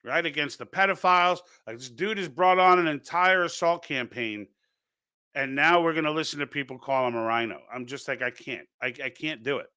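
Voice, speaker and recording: A man with a New York accent hosts a casual political livestream and reads viewer comments aloud. His voice is bright and crisp. He rambles and restarts his sentences, and the recording is close and dry. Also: on the high side, a little fast, no echo. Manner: rambling, many restarts and repeated words. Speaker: livestream host reading chat comments.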